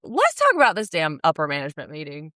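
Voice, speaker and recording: A woman co-hosting a casual chat, retelling events in an animated, emphatic way and swearing freely. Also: sits low, fast talker, no room sound, studio quality. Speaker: podcast co-host. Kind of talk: casual chat recapping a reality show.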